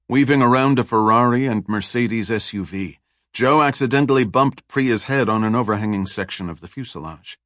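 A man narrating a thriller audiobook in a steady, even reading. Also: mid-range voice, normal speed, no echo, clean studio sound.

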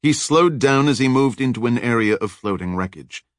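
A man narrating a thriller audiobook in a measured, dramatic storytelling manner. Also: mid-range voice, expressive, dry recording, clean studio sound.

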